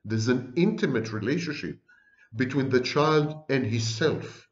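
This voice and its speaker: A man's voice: mid-range voice, animated, unhurried. A man giving an online video lecture on psychology, stringing ideas together in rolling lists and adding dry, ironic asides. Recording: roomy, dull lo-fi recording.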